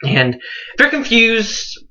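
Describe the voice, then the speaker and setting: A teenage boy vlogger telling his coming-out story to the camera, animated and earnest, jumping his pitch up high for quoted voices. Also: slow, highs cut off. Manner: earnest and tender when encouraging viewers.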